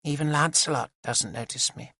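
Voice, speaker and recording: A man's voice: medium pitch, moderate pace, creaky, bright, forceful tone, no echo, studio quality, pitched above the performer's own voice. A male audiobook narrator voicing an odd, plump middle-aged woman who talks in a singsong, childlike way and giggles. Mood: teasing. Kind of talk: audiobook character voice.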